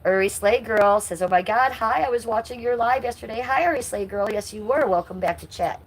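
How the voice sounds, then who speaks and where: A woman's voice: fairly high pitch, a little fast, slightly rough, poor audio. A middle-aged woman with a nasal voice, talking bluntly and indignantly to her chat on a live stream. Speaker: livestreamer.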